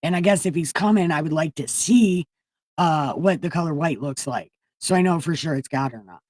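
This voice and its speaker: A woman's voice: sits low, normal speed, a little mellow, no echo, clean studio sound. A woman voicing a naive, rambling blind man who chatters on. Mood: earnest.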